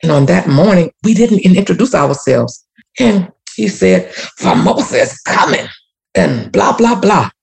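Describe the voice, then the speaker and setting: A woman's voice: on the low side, very animated, normal speed, creaky, a little mellow. A woman telling an emotional personal story as a guest, repeating herself and speaking of prayer. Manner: emotional, repetitive, church-rooted testimony. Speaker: community activist guest.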